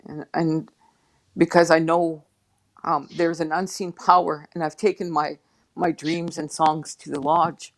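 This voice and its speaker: A woman guest speaking slowly and softly over a video call, emotional and near tears as she reflects between pauses. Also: sits low, little pitch movement. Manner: slow, soft and reflective, with pauses. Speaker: guest drum singer. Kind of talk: heartfelt testimony on an online panel.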